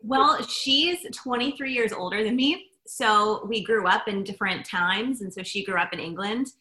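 A woman's voice: mid-range voice, moderate pace, sharp tone, roomy sound, low-quality recording. A woman from Washington DC in casual group chat, playful and jokey. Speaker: panel guest.

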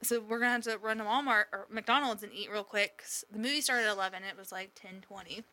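Bright-voiced chatty mom. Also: female voice, mid-range voice, fairly even intonation, fast, rough recording. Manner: blunt, swears freely, rambling storytelling. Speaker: mother. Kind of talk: casual chat.

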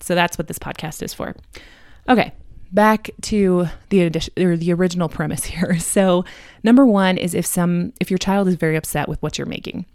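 A woman in her thirties hosting a casual parenting podcast, chatty and warm with frequent laughs and lots of "like" and "right?". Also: on the low side, no room sound, clean studio sound. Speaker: podcast host, parenting coach. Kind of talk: casual solo podcast chat.

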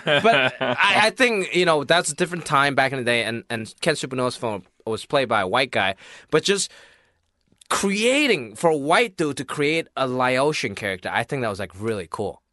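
A man, an actor, in a casual podcast chat, telling stories in an animated way and trailing off into quiet asides. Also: medium pitch, normal speed, no echo, clean studio sound.

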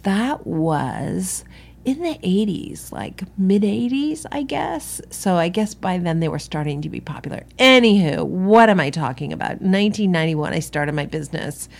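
Brief: middle-aged woman, lowish voice, candid and digressive, telling a story solo. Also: animated, moderate pace, creaky, few pauses. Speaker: interior designer and business owner. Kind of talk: solo podcast monologue.

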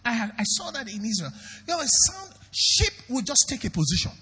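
A man's voice: extremely high pitch, big pitch swings, a little fast, sharp tone, husky, in a large hall. A Nigerian man preaching a sermon as pastor, emphatic and questioning the congregation directly.

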